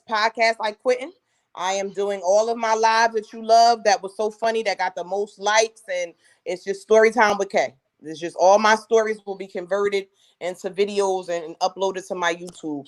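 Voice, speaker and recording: A woman co-hosting a casual podcast chat, telling stories in a lively, slangy way. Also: medium pitch, normal speed. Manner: animated storyteller, slangy and laughing. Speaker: co-host.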